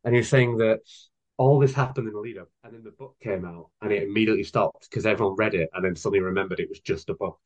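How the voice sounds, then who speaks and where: A man's voice: fairly low pitch, fast talker. Man in his thirties, rambling enthusiast. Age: 30s. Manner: rambling, filler-heavy, enthusiastic. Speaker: author guest. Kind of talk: casual podcast chat. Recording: dull lo-fi podcast audio.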